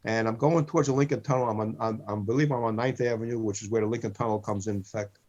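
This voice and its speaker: This sixty-something comedy podcast co-host speaks quickly in a lowish, slightly mellow voice with fairly even intonation. His comic storytelling meanders, and he repeats himself, leaning on "listen" again and again. The sound is muffled and lo-fi.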